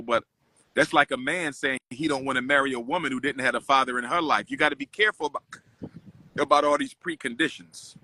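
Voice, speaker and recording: A man talks like a preacher, hammering his points by repeating them. His voice is bright and forceful, a touch higher than most men's, and the sound is dry and close. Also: creaky, dry recording. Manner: preacherly, emphatic, repeats phrases. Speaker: host. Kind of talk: casual street interviews and commentary.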